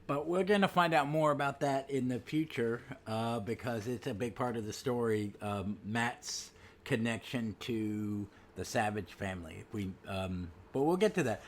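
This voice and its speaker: A man's voice: medium pitch, normal speed. A man hosting a casual comic book podcast, chatty, with frequent ums and restarts. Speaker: podcast host.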